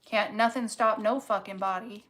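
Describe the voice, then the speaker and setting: A woman's voice: mid-range voice, fairly even intonation, moderate pace, background noise. A woman giving a casual tarot reading, blunt and emphatic, swearing freely and stretching out words for stress. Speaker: tarot reader.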